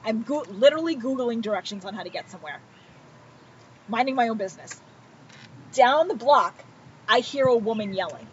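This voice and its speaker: Woman, sarcastic storyteller, high voice, muffled noisy poolside recording. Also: a little fast, pauses often. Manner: animated, sarcastic, acts out quoted voices. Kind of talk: casual storytelling chat. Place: outdoors by a pool.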